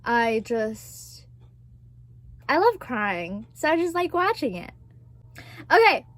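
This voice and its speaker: A woman's voice: fairly high pitch, sing-song, slow, background noise. A woman in her twenties chatting casually as a vlogger, gushing and swearing freely, laughing often. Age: 20s. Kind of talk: casual chat.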